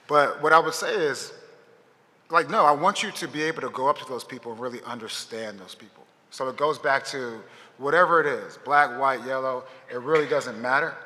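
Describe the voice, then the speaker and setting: A man, a football head coach, answering a press question in a halting way, searching for his words. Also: mid-range voice, sharp tone. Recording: long reverb of a large room.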